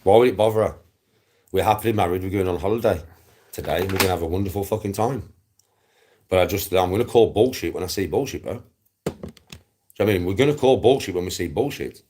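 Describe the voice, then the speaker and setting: A man's voice: deep voice, fast, pauses often, warm tone, slight background noise. A man from Smethwick with a Black Country accent, hosting his own channel and ranting to viewers in a blunt, sweary way that repeats itself, with laughs breaking in. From Smethwick, England. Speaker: YouTube channel host. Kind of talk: casual rant to viewers.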